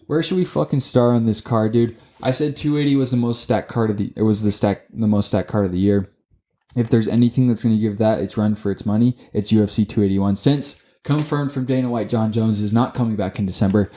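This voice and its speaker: A young man co-hosting a casual sports podcast, cursing freely and stumbling over his own words. His voice sits on the low side with a mellow tone. He talks in excitable bursts and repeats himself as he goes. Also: brisk. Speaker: podcast co-host.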